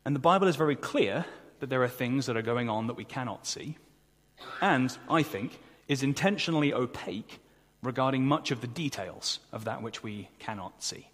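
A man preaches a sermon in an earnest, conversational way, now and then asking the congregation to agree. His voice is somewhat husky. The sound rings with long reverb from the church hall. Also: mid-range voice, normal speed, a bit bright.

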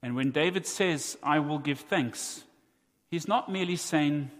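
A man with a South African accent preaching a sermon, earnest and deliberate, with wry asides to his congregation. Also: on the high side, in a large hall. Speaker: pastor.

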